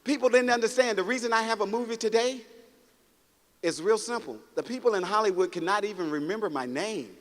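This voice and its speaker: A man's voice: high-pitched, a little fast, long reverb tail. A man from Mississippi giving a motivational speech in a large auditorium, telling stories and calling out to the crowd, with the audience laughing along. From Mississippi, United States. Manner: preachy, storytelling, calls out to the crowd. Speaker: motivational speaker.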